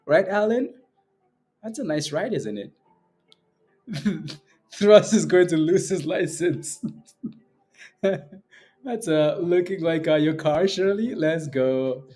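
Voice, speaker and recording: A man's voice: fairly high pitch, expressive, slow pace, pauses often, darkish tone. A man hosting a live day-trading stream, chatting casually with viewers, playful and laughing often while reading the chat. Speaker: day-trading livestream host.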